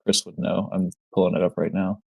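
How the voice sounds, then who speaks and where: A man's voice: low-pitched, little pitch movement, a little fast, gravelly, dark tone, husky, no room sound. A man playing in a tabletop game, casually describing his character's attacks and swearing freely. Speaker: player.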